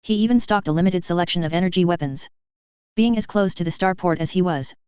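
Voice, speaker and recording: A woman's voice: on the low side, darkish tone, clean tone, no room sound. A woman reading a comedic science-fiction story aloud, voicing the characters and their howls herself. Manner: reads dialogue with small voice shifts, howls aloud. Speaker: narrator. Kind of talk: comedic sci-fi story narration. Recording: dull lo-fi dry recording.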